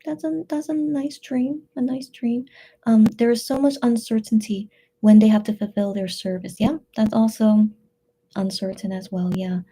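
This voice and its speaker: A tearful woman hosting a casual livestream, reading out chat messages in a subdued, hesitant way with many pauses and fillers. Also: a little high, steady tone, dark tone.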